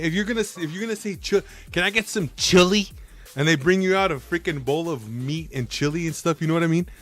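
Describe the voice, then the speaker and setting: Brash, swearing male streamer. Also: a little high. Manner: brash, argumentative, swears, says bro and dude. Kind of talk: casual live-stream chat.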